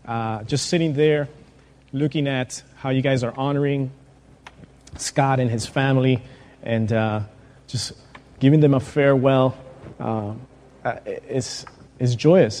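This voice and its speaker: A male guest preacher opens his sermon in a church, his words trailing into long reverb. He speaks hesitantly, stopping and restarting often. His voice sits at an ordinary pitch for a man. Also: a little mellow. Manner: hesitant, many fillers and restarts. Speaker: guest preacher, pastoral intern. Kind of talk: sermon opening. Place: church sanctuary.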